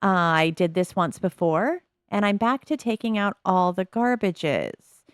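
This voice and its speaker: A woman's voice: fairly low pitch, animated, a little slow, clean tone, no room sound, studio quality. A woman voicing a busy mother in a life-sim game, breezy and resigned.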